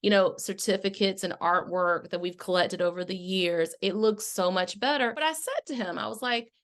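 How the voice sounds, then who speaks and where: A woman's voice: mid-range voice, moderate pace, a bit bright. Chatty coaching woman host. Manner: conversational, addresses listeners directly as y'all; storytelling, coaching tone. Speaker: life coach and podcast host. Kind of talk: casual chat.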